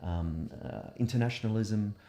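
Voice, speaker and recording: A man's voice: on the low side, normal speed, mellow. A man with a South Australian accent, a coach guesting on a podcast, speaking in a hesitant, thoughtful way. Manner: hesitant, thoughtful, many fillers. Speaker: guest, learning and development coach. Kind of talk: casual interview chat. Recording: roomy echo.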